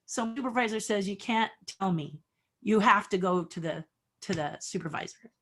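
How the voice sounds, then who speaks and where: A middle-aged woman guest telling career stories, acting out each person in a conversation. Her pitch swings widely as she plays out the dialogue. She sounds expressive and energetic throughout. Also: moderate pace, a little hiss or hum. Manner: animated storyteller acting out dialogue. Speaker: podcast guest. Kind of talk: storytelling interview.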